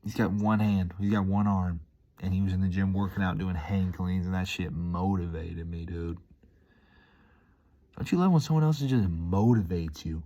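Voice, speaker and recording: A man's voice: low voice, normal speed, dark tone. A man rambling casually in a vlog, upbeat and easily hyped, dropping "dude" and "man" into almost every line. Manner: laid-back, peppers talk with "dude" and "man". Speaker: vlogger.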